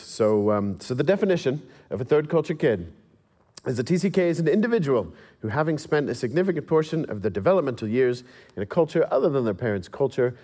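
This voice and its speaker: Guy doing a slideshow talk, accent half english half american, jokey and self-mocking, mid pitch. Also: a little mellow. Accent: mixed English and American. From England. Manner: self-deprecating, wry, laughs while telling stories. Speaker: speaker giving a talk. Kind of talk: presentation to an audience with slides.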